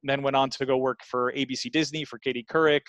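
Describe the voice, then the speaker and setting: A man's voice: medium pitch, fairly even intonation, quick pace, fairly bright tone, dry recording. A man in his thirties from New Jersey, a guest telling his story earnestly in a casual interview, with lots of fillers and restarts.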